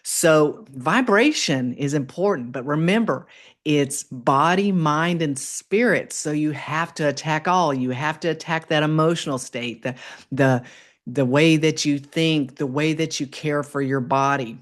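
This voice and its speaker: Low-voiced upbeat woman hosting a livestream. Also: a little slow. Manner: upbeat and encouraging, with swoops up in pitch on exclamations; chatty, reads out and answers viewer comments. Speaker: livestream host. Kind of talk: casual motivational livestream talk.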